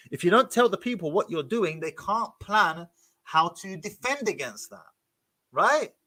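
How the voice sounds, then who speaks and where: A man reading passages from a book aloud and breaking off to comment on them in an expressive, animated way. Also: fairly high pitch, no room sound.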